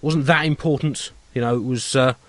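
A man's voice: mid-range voice, fairly even intonation, normal speed, fairly bright tone, dry recording. A man co-hosting a satirical comedy podcast, riffing absurdly and rambling through restarts. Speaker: co-host.

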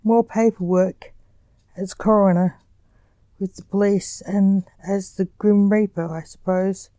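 A woman voicing a teasing, barbed male vampire sorcerer in a slow storybook reading. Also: mid-range voice, fairly even intonation, mellow, dry recording, lightly acted.

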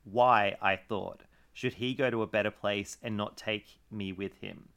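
A man's voice: fairly low pitch, fairly even intonation, unhurried, vocal fry, a bit bright, smooth. Guy cohosting a true crime podcast, chatty, lots of um and little laughs. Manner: chatty, laughs often, many fillers. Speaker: podcast co-host. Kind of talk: casual true-crime chat.

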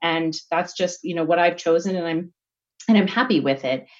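A woman's voice: lowish voice, normal speed. Reflective middle-aged woman, lo-fi sound. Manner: reflective, many fillers and restarts. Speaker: guest executive. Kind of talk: candid interview answer.

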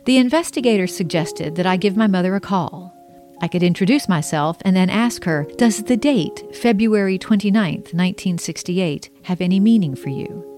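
A woman's voice: fairly low pitch, darkish tone. A woman reading her own memoir aloud in a reflective, intimate, wry first-person narration.

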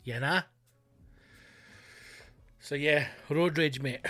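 A man with a Scottish accent hosting a comedy podcast, ranting loudly and swearing a lot. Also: mid-range voice, normal speed, faint music behind. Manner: loud, sweary, animated ranting.

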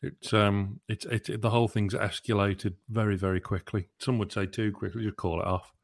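Brief: young male football podcast host, playful, rambling, low-pitched. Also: little pitch movement, normal speed, creaky. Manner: chatty, hesitant with many ums, playful. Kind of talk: casual chat and interview hosting.

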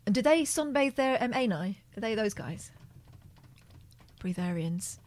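A woman's voice: on the high side, expressive, unhurried. A woman co-hosting a live show, chatting casually with cheeky, crude humour. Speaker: co-host.

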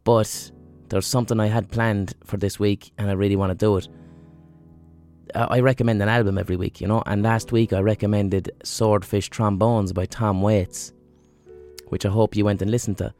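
A man's voice: fairly low pitch, flat delivery, moderate pace, darkish tone, soft background music. A man hosting a podcast, talking off the cuff in a blunt, sweary, rambling way while sick with a fever. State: feverish, unwell. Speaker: podcast host. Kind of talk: casual solo monologue.

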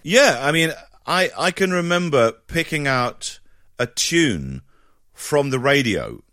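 A man's voice: a little high, slow, no echo. Man, middle-aged guest, chatty, laughs a lot, dry close sound. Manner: animated storyteller, laughs often, restarts phrases. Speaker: interview guest. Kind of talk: casual conversational interview.

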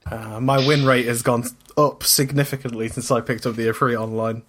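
A man's voice: mid-range voice, fairly even intonation, normal speed, a bit bright. A man co-hosting a podcast, talking in an easygoing way and laughing often. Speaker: podcast co-host. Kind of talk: casual chat.

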